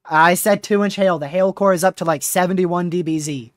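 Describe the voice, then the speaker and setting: Woman streamer, low-ish voice, dry close sound, excitable, laughs a lot; navigating a storm chase live. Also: normal speed, dry recording. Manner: excitable, laughs often, talks to chat.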